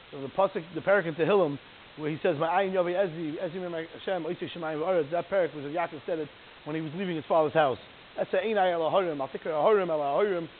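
A man giving a Torah class in an animated, fast yeshiva cadence, his talk full of Hebrew terms. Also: sits high. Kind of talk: Torah lecture. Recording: tinny phone-like line with hiss.

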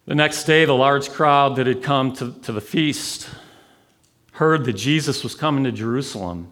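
A man preaching a sermon, telling the story with dramatic swings between raised intensity and near-whispered pauses. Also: mid-range voice. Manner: dramatic, swings from loud to hushed. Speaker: pastor.

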